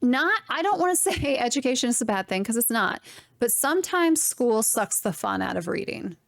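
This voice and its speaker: A young adult woman hosting a knitting podcast, chatting casually in a rambling, animated way. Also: on the high side, moderate pace, vocal fry, dry recording, studio quality. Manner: rambling, animated, swearing mildly. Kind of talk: casual chat to camera.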